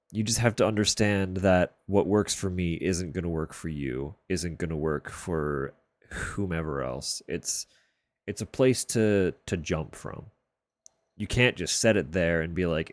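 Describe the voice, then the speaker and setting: A man streamer chatting casually from a room at home, keeping his voice level and low and swearing offhandedly. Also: moderate pace, no room sound. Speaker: livestreamer. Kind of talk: casual chat on a live stream. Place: room at home sharing a wall with a neighbor's bedroom.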